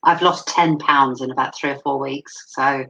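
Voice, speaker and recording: A woman co-hosting a casual live stream, lively and quick to laugh. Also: a bass voice, vocal fry, crowd noise, rough recording.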